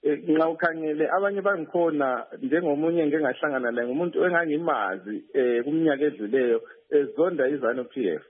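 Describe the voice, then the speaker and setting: A man's voice: on the high side, fast talker, husky. Hesitant man reporting over a tinny phone. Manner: hesitant, many fillers and restarts. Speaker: field reporter. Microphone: telephone.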